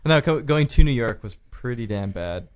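A man's voice: mid-range voice, lively intonation, moderate pace. A man in casual chat with friends, wry and hesitant, fumbling for words.

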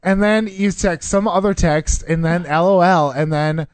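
A man's voice: sits high, normal speed, clean tone, dry recording. A man telling a story in casual chat, teasing, laughing and swearing.

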